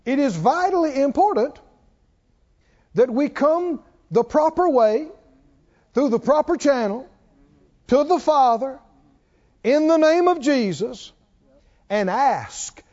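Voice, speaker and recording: A very high-pitched man with a darkish tone preaches animatedly but slowly, pausing often. In this dull, lo-fi church recording he engages in call-and-response, asking the congregation questions throughout.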